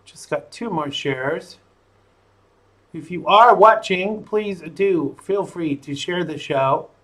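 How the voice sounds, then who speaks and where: Man, live talk show host, playful and jokey, slow unhurried delivery. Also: high voice, a bit bright. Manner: playful, jokey, self-amused.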